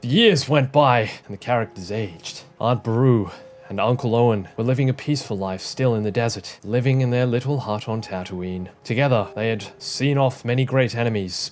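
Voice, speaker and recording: A man narrates a toy video game in a playful mock-storybook way, turning glitches into little tales. His voice sits at an ordinary pitch. Quiet music runs underneath. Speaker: gaming video creator. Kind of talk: comedic gameplay narration.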